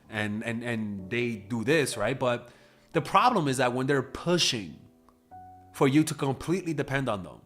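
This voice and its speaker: With a medium, slightly bright voice, a male dating coach gives blunt, casual advice on dating in monologue form. He curses freely and performs quoted back-and-forths in a raised voice.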